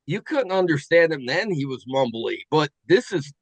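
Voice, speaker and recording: A man's voice: fairly high pitch, very animated, dry recording, low-quality recording. Musing middle-aged man, dry close sound. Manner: musing, halting, with many fillers and restarts. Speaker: podcast host. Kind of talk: casual chat.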